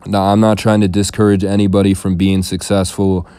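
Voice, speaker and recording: A man hosting a commentary channel, reading viewer comments aloud and answering them in a dry, deadpan way. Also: sits low, a little fast, clean tone, no room sound, soft background music. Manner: deadpan, dry monotone delivery. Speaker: YouTube commentary host.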